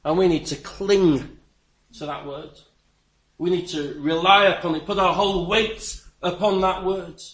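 A man preaching a sermon, emphatic, with stammering restarts and sudden rises in pitch and volume. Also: steady tone, a little slow, a bit bright.

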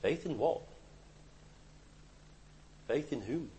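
A man preaching a sermon, swinging between loud emphatic declarations and quiet, hushed asides. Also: mid-range voice, expressive, slow, slight background noise.

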